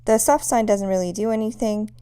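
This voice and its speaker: A woman's voice: medium pitch, fairly even intonation, a little fast, dark tone, clear, resonant tone. A woman teaching a pronunciation lesson, patiently demonstrating sounds one at a time. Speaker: language teacher.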